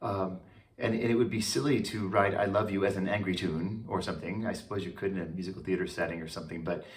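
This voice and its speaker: A man, a choral conductor, giving a relaxed and chatty talk, with many fillers and restarts. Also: low-pitched, quick pace. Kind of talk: informal talk.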